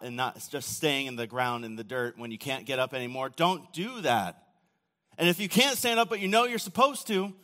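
A man preaching a sermon, telling the story casually with acted quotes, often dropping to a quiet, low voice. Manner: casual storytelling with acted quotes and sudden drops to near-whisper. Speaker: pastor. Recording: long hall reverb.

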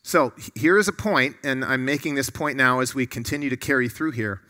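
A man's voice: mid-range voice, fairly quick, sharp tone. A man preaching a sermon to a room of listeners, earnest and often putting questions to them.

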